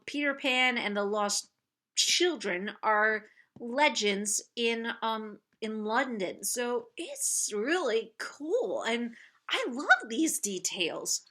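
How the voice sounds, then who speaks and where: A woman giving a casual spoken film review, halting and restarting often and laughing as she talks. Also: fairly high pitch, sharp tone. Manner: halting, many restarts and self-corrections; laughs often while talking.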